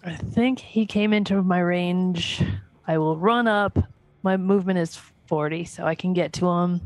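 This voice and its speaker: A woman playing a tabletop game, relaxed and thinking aloud about her moves. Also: fairly low pitch, unhurried, no echo. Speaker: player.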